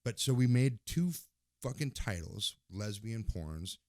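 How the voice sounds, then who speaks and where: A man, a podcast guest, telling a story casually, swearing freely and jumping loud and high when he acts out the scenes. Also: a little slow, no echo. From Southern California. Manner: animated, swings loud when acting out the story.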